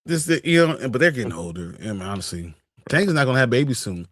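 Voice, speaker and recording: A man's voice: mid-range voice, very animated, fast talker, no echo, clean studio sound. A man co-hosting a casual chat, joking and laughing along with his co-host. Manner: joking, laughs along, loud mock shouts. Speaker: podcast co-host.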